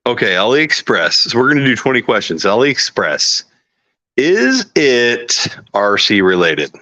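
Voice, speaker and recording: A man's voice: mid-range voice, sing-song, unhurried, sharp tone, dry recording. A man from Texas chatting casually on a livestream, laid-back, laughing easily and swearing freely. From Texas, USA. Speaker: podcast guest. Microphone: video call. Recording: dull, lo-fi stream audio.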